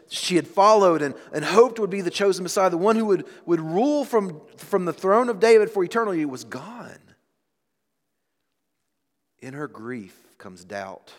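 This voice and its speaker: A man in his thirties preaching a sermon as a pastor, with dramatic swings between loud and hushed delivery. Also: high-pitched. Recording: long reverb of a large hall.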